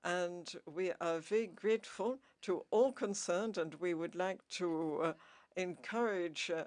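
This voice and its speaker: A woman ambassador giving a formal conference speech, deliberate, stressing key words and pausing often with "uh". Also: fairly low pitch, darkish tone.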